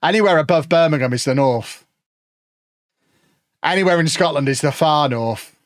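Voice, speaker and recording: A man from England chats his way through a football management game on a live stream, joking and answering his viewers. His voice sits a bit high for a man. The sound is dry and close. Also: normal speed, no room sound. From Peterborough, England. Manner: chatty, joking, answering chat. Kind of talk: casual live-stream chat.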